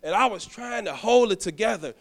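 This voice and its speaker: A man's voice: high voice, lively intonation, a little fast, creaky. A man preaching a sermon as a church deacon, telling a personal story and speaking directly to the congregation, often stumbling and restarting his words. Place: church sanctuary.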